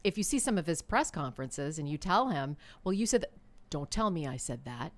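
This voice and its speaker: A woman's voice: deep voice, big pitch swings, fairly quick. A woman appearing as a guest on a talk panel, speaking frankly with a wry edge.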